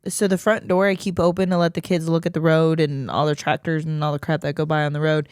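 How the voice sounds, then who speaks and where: A woman co-hosting a podcast in casual chat, chatty, with quick interjections. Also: low voice, level tone, darkish tone, clear, resonant tone, no room sound, studio quality. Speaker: podcast co-host.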